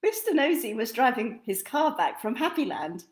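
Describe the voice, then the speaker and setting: A woman reads a children's picture book aloud, expressive and sing-song like a storyteller. Her voice is fairly high and her pace normal.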